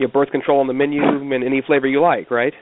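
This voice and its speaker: A man's voice: mid-range voice, flat delivery, fast, no room sound. A man hosting a talk show, reading excerpts aloud and adding wry remarks. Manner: wry, laughs easily. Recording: phone-like narrow band.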